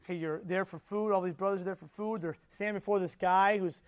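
A man preaching a sermon, telling a story with animated energy, questioning the audience and swinging between soft and loud. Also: high-pitched, fast talker.

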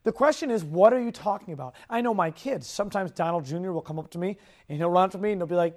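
A man in his thirties preaching a sermon to teenagers as their youth pastor, animated and playful, acting out kids' voices in his stories. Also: high voice, quick pace.

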